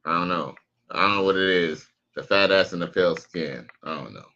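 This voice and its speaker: A man's voice: low voice, a little fast, bright, forceful tone, highs cut off. A man casually commenting on a live stream, slangy and profane, reacting to clips and reading out chat. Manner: laid-back, slangy, profane, reads out chat messages.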